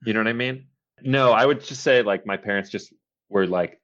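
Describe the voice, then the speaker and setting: A man with a deep, low voice talks loosely as a podcast guest, swearing casually and laughing easily. The recording sounds a bit dull and lo-fi. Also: normal speed, fairly bright tone. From Boston area, USA. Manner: laid-back, swears casually, laughs often. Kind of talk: casual chat.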